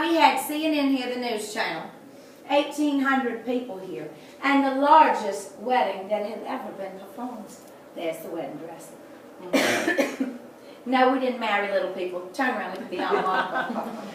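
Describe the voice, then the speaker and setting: A woman's voice: a little high, a bit bright, slight background noise. Woman giving a chatty house tour. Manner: chatty, folksy storytelling with jokes. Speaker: tour guide. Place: indoors in a large historic house. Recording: echoey room from far off.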